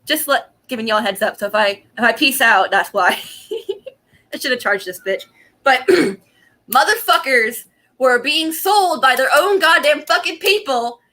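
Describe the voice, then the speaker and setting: Woman, young, profane livestream rant, bright voice that swings all over. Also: high voice. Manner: angry profane rant with frequent laughs. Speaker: vlogger. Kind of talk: ranting casual livestream. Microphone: laptop webcam.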